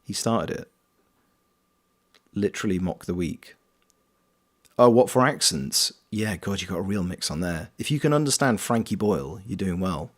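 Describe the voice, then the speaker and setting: A man's voice: sits low, animated, normal speed, long pauses. A man from Wales chatting casually on a live stream while gaming, rambling and reading chat aloud. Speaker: streamer and voice actor.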